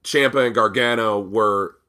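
A man co-hosting a casual podcast, talking haltingly and often restarting and repeating words. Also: lowish voice, pushed and bright. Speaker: podcast co-host. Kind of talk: casual wrestling chat.

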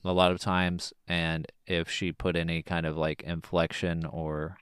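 A man co-hosting a podcast, chatting about a film in a relaxed way with many ums. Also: deep voice, clear, resonant tone, dry recording, studio quality. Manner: relaxed, drawn-out delivery with frequent ums. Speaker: podcast co-host. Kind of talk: casual film-review chat.

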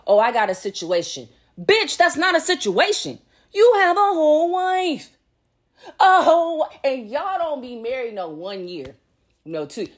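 A woman hosting a casual solo podcast, blunt and profane, laughing between points as she swings from loud emphasis to low muttering. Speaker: podcast host.

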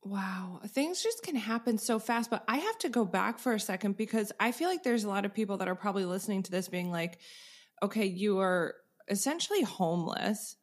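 A woman's voice: medium pitch, animated, fairly quick. Woman podcast host asking follow-ups. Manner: engaged, asks follow-up questions. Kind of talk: conversational interview questions.

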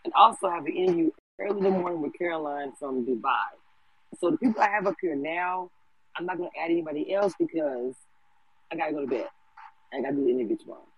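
A man's voice: a little high, expressive, fast talker, breathy edge, dry recording, muffled recording. A tired man hosting a live audio chat room, casual and chatty, calling on speakers with "y'all" and "bro". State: tired from a long day awake.

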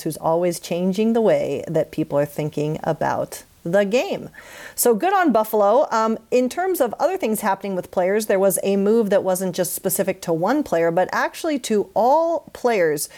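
A woman's voice: mid-range voice, very animated, normal speed, a little mellow. A woman hosting a casual hockey talk show, leading the discussion and cracking self-deprecating puns. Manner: joking, self-deprecating, punning. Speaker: podcast host. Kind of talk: casual sports chat.

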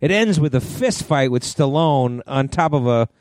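Opinionated swearing podcast man, warm. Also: medium pitch, animated, normal speed. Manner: opinionated, swearing, laughs often. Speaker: podcast co-host. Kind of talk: casual chat.

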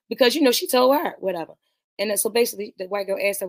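A fast-talking woman with a mid-range voice, recorded with no room sound, reviews a movie on her podcast. Her plot recap is casual, rambling and profane, aimed straight at her viewers, and she mentions feeling nervous about streaming live.

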